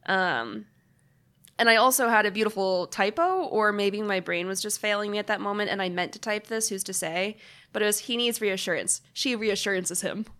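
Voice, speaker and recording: A woman's voice: medium pitch, normal speed, fairly bright tone. A woman co-hosting a podcast, chatting casually, joking and reading from her notes. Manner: laughing, joking, reads from notes. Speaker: podcast co-host. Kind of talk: casual chat.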